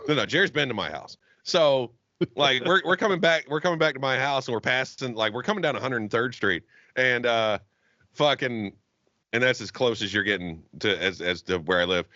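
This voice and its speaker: A man's voice: medium pitch, brisk, dry recording, highs cut off. A man co-hosting a casual comedy podcast, telling rambling, profane stories and acting out the people in them. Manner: profane, rambling storyteller with animated quoted voices. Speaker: podcast co-host. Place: Jacksonville, Florida.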